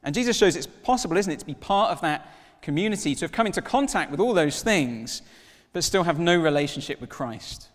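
A man in his thirties preaching a sermon, telling stories with lively acted-out dialogue. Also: on the high side, brisk, big-room sound. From Wales. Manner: animated storytelling, acts out dialogue in voices.

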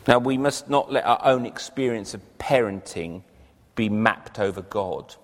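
A man's voice: fairly low pitch, measured pace. Man preaching in a reverberant hall. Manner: earnest, rising emphasis on key phrases. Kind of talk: sermon. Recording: long reverb of a large hall.

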